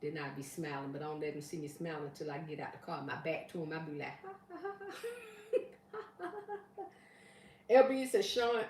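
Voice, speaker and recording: A woman's voice: low-pitched, fairly quick, a little mellow, a little hiss or hum. A woman hosting a casual livestream, reading out viewer comments and teasing her regulars by name in a chatty, playful way. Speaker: livestream host. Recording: roomy, mic at a distance.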